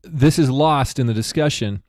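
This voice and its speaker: A man hosts a podcast in a loose, rambling way and corrects himself as he goes. His voice is mellow and warm, at a middle pitch. The sound is dry and close. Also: moderate pace, no echo. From United States. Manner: rambling, self-correcting, animated aside. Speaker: podcast host. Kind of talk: casual chat.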